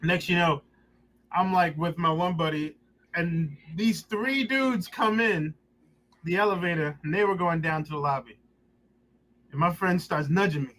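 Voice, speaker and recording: A man's voice: fairly high pitch, measured pace, poor audio. A man co-hosting a live-streamed podcast, telling stories in casual banter and acting out the quotes with laughter. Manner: animated storyteller, acts out quotes with laughter. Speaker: podcast co-host.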